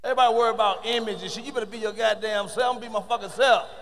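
Man, stand-up comedian, shouting, profane, very high voice, live theater reverb. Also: fairly even intonation, rapid-fire, slight background noise. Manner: loud, profane, shouting punchlines. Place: large theater stage with audience. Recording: live concert hall reverb.

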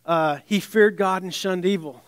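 A man preaching a sermon in a conversational way, with wry asides and restarts, dropping to a soft, low voice on scripture. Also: unhurried, clear, resonant tone, dry recording.

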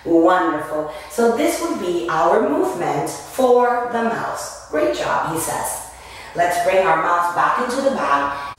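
A woman teaching children a movement lesson, chanting in call-and-response with a slow, sing-song delivery and animal sounds. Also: lowish voice, big pitch swings. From Miami area. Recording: echoey room, distant mic, faint noise.

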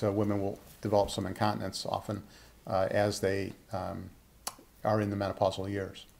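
A middle-aged man, a urologist, answering questions in a casual interview, speaking in a measured way with many pauses and fillers. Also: on the low side.

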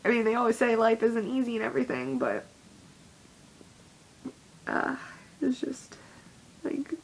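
A woman's voice: a little high, sing-song, normal speed, gravelly, a little hiss or hum. A young woman giving a rambling, heavily profane, self-deprecating confessional vlog monologue as a YouTuber.

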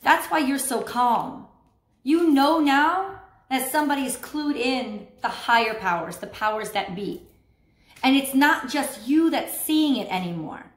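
A woman with a high voice talks through a tarot reading in a loose, chatty way. She is animated and laughs often. The sound has a roomy echo. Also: unhurried. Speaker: tarot reader. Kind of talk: casual spoken tarot reading.

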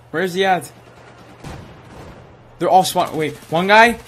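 A young man giving live commentary while playing a shooter game, excitable and swearing, sometimes saying he is tired. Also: high voice, measured pace, long pauses. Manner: excitable, swears, yells at kills. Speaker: gaming streamer.

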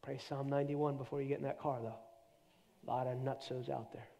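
A middle-aged man preaching a sermon at a church conference, animated, dropping into a hushed voice when he acts out prayers. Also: medium pitch, fairly quick, vocal fry.

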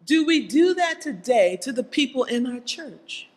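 With a high-pitched, sing-song voice and an unhurried pace, a preacher challenges the congregation through pointed rhetorical questions. The sermon is recorded in a church sanctuary with a long, hall-like reverb.

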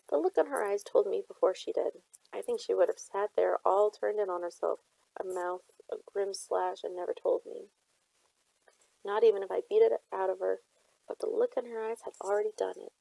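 A woman reading a novel aloud, telling the story in a measured first-person way. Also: medium pitch, steady tone, creaky, mellow, dry recording, low-quality recording. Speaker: audiobook reader.

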